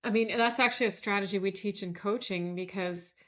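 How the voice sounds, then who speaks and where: A woman's voice: medium pitch, a little fast. A woman hosting a podcast interview in a chatty conversational manner, with frequent affirmations. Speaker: podcast host.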